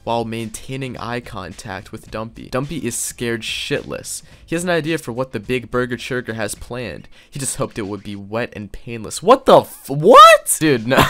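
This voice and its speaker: A man's voice: medium pitch, moderate pace, few pauses, fairly bright tone, soft background music. A man reading fan fiction aloud on his channel, breaking off into sarcastic, profane, mock-outraged comments. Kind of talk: comedic reaction reading.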